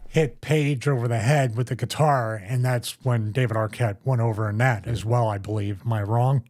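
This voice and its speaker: A man hosting a casual podcast, measured and reflective, thinking his points through aloud at a studio microphone. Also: medium pitch, fairly even intonation, a little mellow. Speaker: podcast host.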